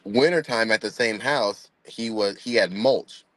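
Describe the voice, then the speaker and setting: A man's voice: on the low side, a little slow, fairly bright tone, no echo. A young man telling a funny family story in a laid-back, rambling way, with chuckles. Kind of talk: casual storytelling.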